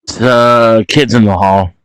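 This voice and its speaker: Low, dry-sounding man joking on a call. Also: fairly even intonation, a little slow, clean tone, dry recording, rough recording. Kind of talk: casual group voice chat.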